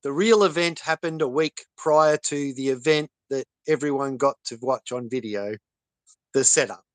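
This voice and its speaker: Earnest halting man, close and dry. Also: mid-range voice, no echo. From Australia. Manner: earnest, halting, many fillers. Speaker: livestream guest. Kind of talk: casual livestream talk.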